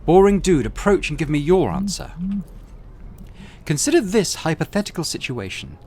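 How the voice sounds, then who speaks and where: A man's voice: on the high side, sing-song, normal speed, darkish tone, pitched above the performer's own voice. A man putting on a dry, haughty noblewoman captain. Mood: imperious. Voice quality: dry, commanding. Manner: haughty, imperious. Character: cold predatory noblewoman starship captain.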